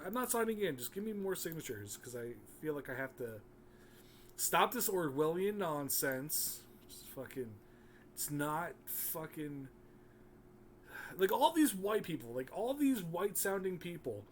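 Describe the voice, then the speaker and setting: A man's voice: on the high side, big pitch swings, a little slow, slight background noise. A man giving an angry, profane rant in a video commentary, swearing constantly.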